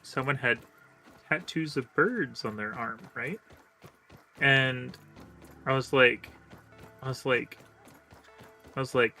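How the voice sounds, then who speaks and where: A man on a game stream, rambling through self-deprecating stories in casual chat. His voice is bright and forward, at a middle pitch. Faint music plays underneath. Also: a little slow, pauses often. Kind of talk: casual chat while gaming.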